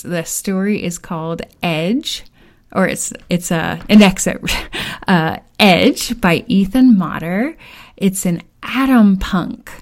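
A woman co-hosting a podcast, chatting thoughtfully and hesitantly with many fillers. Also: fairly low pitch. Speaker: podcast co-host. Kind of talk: casual chat.

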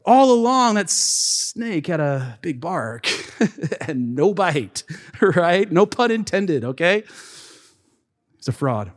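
A man with a notably high speaking voice delivers a storytelling sermon, acting out quotes and rising to shouts. The sound carries a long hall reverb. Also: slow, pauses often. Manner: animated storyteller, acts out quotes, bursts into shouts. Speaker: pastor. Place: church sanctuary.

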